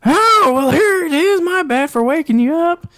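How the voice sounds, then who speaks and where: A man's voice: extremely high pitch, expressive, normal speed, sharp tone, voice pushed up, full character voice. A man voicing a petty male store manager with a scratchy voice, falsely chummy and nagging. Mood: smug. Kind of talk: podcast impression.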